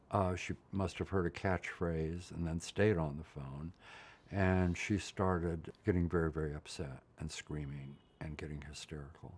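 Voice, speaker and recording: An older man with a very deep, husky voice tells his own story to an interviewer. He is blunt and emotional, and often checks in with "right?". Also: a little mellow. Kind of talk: candid personal storytelling.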